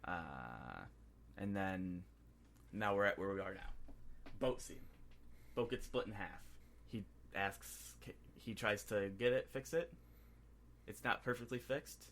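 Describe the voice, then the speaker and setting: A man co-hosting a casual movie review podcast, excitedly recapping scenes and slipping into quick impressions of the characters. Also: on the low side. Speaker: podcast co-host.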